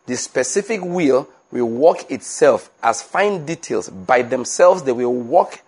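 A man preaching a sermon, emphatic and insistent, often repeating his key points and rising in pitch as he presses them. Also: lively intonation, measured pace, a little mellow, breathy edge.

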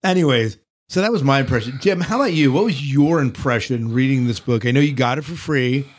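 A man's voice: medium pitch, animated, brisk, husky. A man hosting a casual podcast book discussion, rambling and teasing his co-hosts. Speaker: podcast host.

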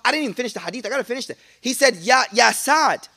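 A man giving a lively religious talk to a congregation, slangy and casual, with frequent restarts and playful asides. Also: very high voice, rapid-fire. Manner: animated, playful preaching. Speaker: Islamic teacher.

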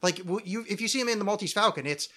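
Bright-voiced joking podcast host, man. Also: high-pitched, rapid-fire. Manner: jokey, rambling, reads ad reads loosely. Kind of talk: casual chat.

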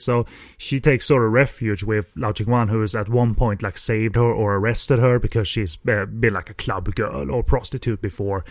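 A man co-hosts a film podcast in a relaxed, conversational way. He hesitates often, filling gaps with small sounds and restarting his sentences. His voice sits at a middle pitch and sounds dry and close. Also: dry recording. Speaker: podcast co-host. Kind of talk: casual film review chat.

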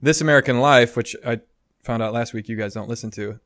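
A man's voice: medium pitch, fairly quick, dry recording, clean studio sound. A man co-hosting a podcast as a priest, chatting casually and telling stories with frequent laughs. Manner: chatty, laughs often, animated storytelling. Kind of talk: casual chat.

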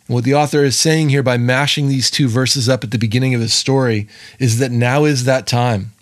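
A man hosting a Bible study podcast, explaining scripture step by step in a relaxed conversational way with frequent asides. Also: mid-range voice. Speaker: Bible teaching podcast host. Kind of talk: casual Bible teaching.

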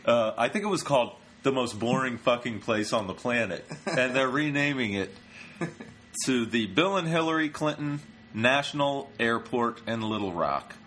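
A man with a mid-pitched voice hosting a podcast in casual chat, blunt and profane and quick to wave things off. A faint layer of noise hums under the recording. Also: expressive, a bit bright. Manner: blunt and profane, with dismissive asides. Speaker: stand-up comedian, podcast host.

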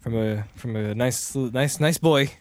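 A man's voice: medium pitch, unhurried. A man co-hosting a casual podcast, rambling and self-deprecating, with his voice often trailing off. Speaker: podcast co-host.

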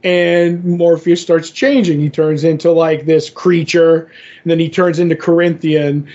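A man's voice: fairly high pitch, little pitch movement, measured pace, a little mellow. Man casually recapping a comic, lo-fi. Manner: rambling retelling, acting out quotes. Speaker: podcast co-host. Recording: dull lo-fi podcast audio.

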